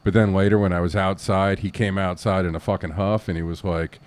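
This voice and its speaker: A man who is a comedian, a guest on a talk show, telling an animated and profane anecdote in casual chat. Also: low voice, a little fast, no room sound. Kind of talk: casual storytelling in an interview.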